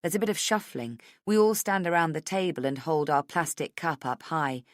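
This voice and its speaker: A woman's voice: low-pitched, moderate pace, no room sound. A woman narrating a thriller audiobook in the first person, expressively, on a close mic.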